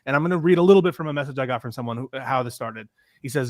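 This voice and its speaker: Man, fast-talking, dry close sound, casual political chat, animated storyteller. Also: mid-range voice, dry recording. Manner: animated storyteller, reads out messages. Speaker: podcast co-host.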